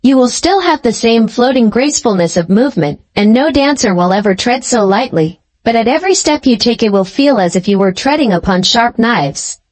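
A woman's voice: on the high side, animated, fairly quick, few pauses, darkish tone. A woman reading as a mocking sea witch. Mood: cold, mocking. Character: cruel scheming old female sea witch.

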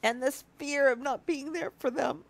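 A woman's voice: high voice, normal speed, vocal fry. A woman in her early fifties giving an earnest, confessional devotional talk to her viewers, teary and close to crying, often restarting her sentences. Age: 50s. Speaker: marriage ministry speaker.

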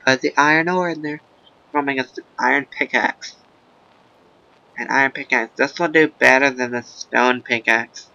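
A man doing casual, rambling video game commentary in a gravelly, goofy put-on voice, breaking into silly sing-song chants. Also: medium pitch, moderate pace, sharp tone, lo-fi sound. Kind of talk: casual let's-play commentary.

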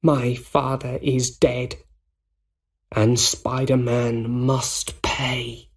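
A grieving young man speaks with slow bitterness, as a man reads him. The voice rises slightly above the reader's own, a plain storybook telling. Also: mid-range voice, flat delivery. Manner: sad, bitter.

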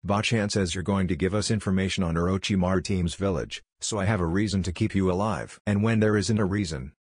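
A man reading the lines of a calm, blunt, blind teenage boy ninja who speaks firmly and commandingly, in a deep, husky voice. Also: fairly quick, no echo, studio quality.

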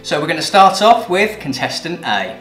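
A man's voice: on the high side, sing-song, normal speed, fairly bright tone. A man hosting a wine channel, presenting a pronunciation quiz in an upbeat, jokey way. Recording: roomy sound with light music.

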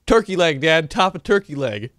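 An excitable man bantering through a game session, his fairly high voice jumping all over the place. He is playful and breaks into high yelps when something excites him. The sound is dry and close. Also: moderate pace, no echo. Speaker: gameplay channel host. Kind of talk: casual let's-play banter.

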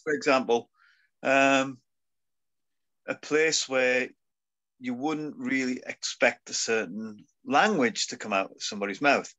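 A British man in relaxed conversation, joking and laughing as he tells stories. His voice sits at an ordinary middle pitch. He jumps in and out of funny voices while recounting anecdotes. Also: unhurried, long pauses. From Britain. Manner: jokey, animated storyteller who laughs often. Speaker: guest musician. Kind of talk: casual chat.

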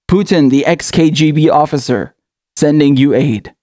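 Male commentator, slightly high voice, mocking and sarcastic, close dry sound. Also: moderate pace, darkish tone, no room sound. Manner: mocking, taunting, laughs often, rhetorical questions. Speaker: political commentator.

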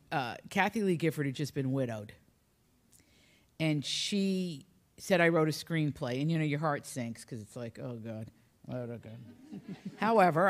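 Chatty woman author telling funny stories. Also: sits low. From Appalachia, US. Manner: chatty, humorous, rambling anecdotes. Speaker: author guest. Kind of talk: storytelling in conversation.

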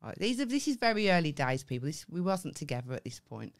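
A woman's voice: deep voice, big pitch swings, quick pace. A woman co-hosting a comedy podcast, telling a story animatedly, acting out quoted lines and swearing freely. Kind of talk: casual storytelling chat.

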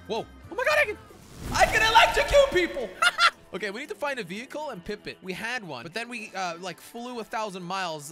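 High, excitable young man playing games. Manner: excitable, jokey, frequent laughs and shouts. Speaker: gaming channel host. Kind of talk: game commentary.

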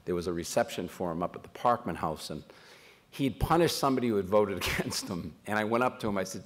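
A man's voice: on the low side, lively intonation, fast. A man, moderating a panel discussion with jokes, anecdotes and probing questions. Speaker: moderator, newspaper reporter. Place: public forum hall.

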